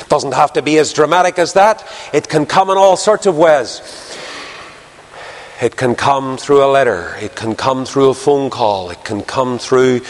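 Male preacher giving a sermon, voice leaps high when he hammers a point, long echo off a big hall. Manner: animated, jumps in pitch for emphasis.

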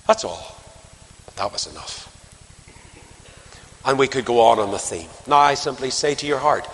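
An older male preacher delivers a sermon, carrying the listener through stories with voiced dialogue. His pitch sits in the middle range and his emphasis rises and falls. The voice rings out with a long reverb, as in a large church hall. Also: expressive, normal speed, pauses often, fairly bright tone. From Northern Ireland. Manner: storytelling with quoted dialogue, rising and falling emphasis.

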